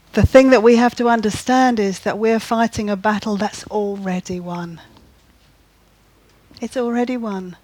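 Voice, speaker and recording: A woman's voice: mid-range voice, a little mellow, dry recording, poor audio. A woman preaching a sermon in an earnest way, repeating key phrases and often asking the listeners whether they see what she means.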